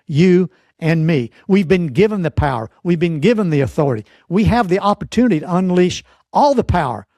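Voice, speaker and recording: A man preaching a teaching sermon, exhorting his listeners with emphatic rhetorical questions and deliberate dramatic pauses. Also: a little high, darkish tone, no room sound, studio quality.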